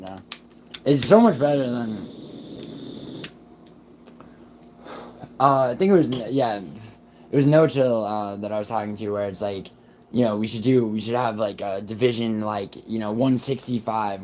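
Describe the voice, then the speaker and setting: Man, sick, raspy, lowish voice, rambling profane stream chat, faint hiss behind. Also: a little slow, pauses often, darkish tone, rough recording. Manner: rambling, profane, restarts often. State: sick, rough voice. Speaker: livestream host. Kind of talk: casual livestream chat.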